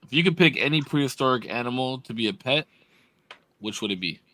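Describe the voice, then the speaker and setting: Blunt, teasing young man, bright lively voice. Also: mid-range voice, fairly quick. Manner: blunt, teasing, swears freely. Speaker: podcast co-host asking questions. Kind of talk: casual chat.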